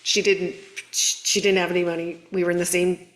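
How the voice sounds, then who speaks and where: A woman hosting a spiritual guidance video, talking in an earnest, conversational, animated way. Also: on the low side, moderate pace, a little hiss or hum. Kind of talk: casual spiritual coaching talk.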